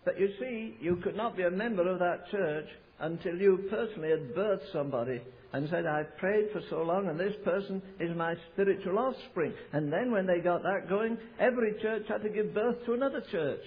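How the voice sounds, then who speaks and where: A high-pitched man from America delivers a sermon, spinning anecdotes with emphatic, halting restarts. His voice comes through a thin, phone-like recording that strips away the lows and highs. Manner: storytelling, emphatic, with frequent restarts. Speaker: preacher. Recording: tinny, phone-like low-fidelity recording.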